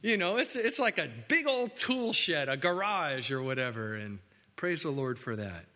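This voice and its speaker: A man preaching a sermon as pastor, animated and joking with his congregation. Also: a little high, normal speed, big-room sound. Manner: animated, acts out quotes, jokes with the congregation. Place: church building.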